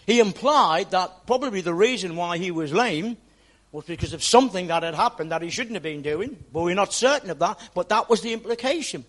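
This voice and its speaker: Preaching in a church, this male pastor has a high, expressive, fairly bright voice and a brisk delivery. He speaks straight to his congregation, repeating words to drive points home.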